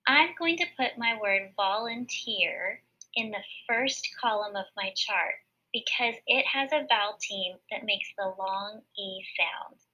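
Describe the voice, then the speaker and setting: A woman teacher giving a recorded phonics lesson to young children, explaining each step slowly, clearly and patiently. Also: a little high, animated, pushed and bright. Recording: dull lo-fi recording.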